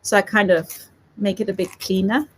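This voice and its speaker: A South African woman with a light accent leads a live papercraft tutorial, chatty, giggly and self-deprecating. Her mid-range voice moves fairly quickly with fairly even intonation.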